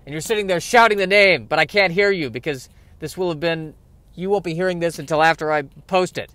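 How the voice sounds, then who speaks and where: A man's voice: fairly high pitch, a little fast, fairly bright tone, no echo. A man doing a solo comedy podcast monologue, rambling and mocking himself while he struggles to remember a name. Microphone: podcast mic.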